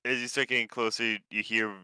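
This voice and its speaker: A man narrating a tabletop game as game master, in an unhurried, halting way with fillers. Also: medium pitch, level tone, bright, forceful tone, clean tone, no echo.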